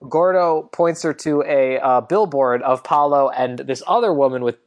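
A man's voice: medium pitch, moderate pace. A man co-hosting a podcast, rambling through a movie plot with many fillers. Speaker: podcast co-host. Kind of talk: casual movie recap chat.

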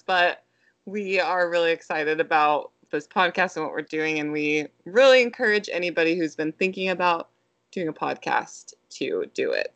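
A woman's voice: on the low side, fairly bright tone, no echo. Young woman podcast cohost, chatty storyteller, dry close mic. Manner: chatty storytelling with frequent laughs and "like". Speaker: podcast co-host. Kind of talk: casual chat.

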